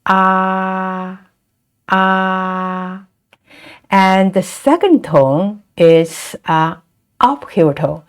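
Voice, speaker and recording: Woman, Chinese accent, language teacher, very unhurried, lowish voice, draws out each sound. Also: darkish tone. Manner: models sounds by drawing out vowels and tones. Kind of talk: slow, patient pronunciation lesson.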